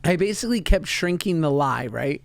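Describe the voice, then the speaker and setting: A man with a high voice spins a casual story on a podcast, playfully acting out his kids' voices. His voice sits close and dry on the mic, with no room around it. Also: moderate pace, gravelly, clean tone, no room sound. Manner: animated storytelling, acts out voices of his kids. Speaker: podcast co-host. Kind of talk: casual chat.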